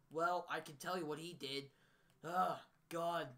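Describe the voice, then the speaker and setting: A man's voice: fairly high pitch, steady tone, a little fast, fairly bright tone. A man vlogging a casual rant to the camera. He sounds upset and emotional, and he rambles with frequent restarts.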